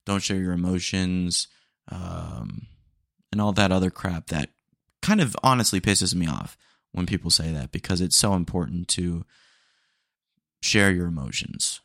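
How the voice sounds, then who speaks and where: A man's voice: low voice, animated, a little slow, gravelly, long pauses, fairly bright tone, no echo, studio quality. A young man hosting a solo podcast, talking in a candid, rambling way with casual slang and small jokes. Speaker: podcast host.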